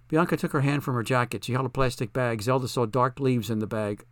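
A man narrating an audiobook in a measured, plain reading style. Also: mid-range voice, fairly even intonation, dry recording. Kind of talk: scripted narration.

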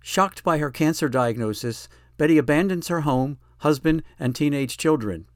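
A man's voice: a little high, lively intonation, normal speed, dry recording, clean studio sound. A man, the author, giving a plain, matter-of-fact scripted introduction to his audiobook.

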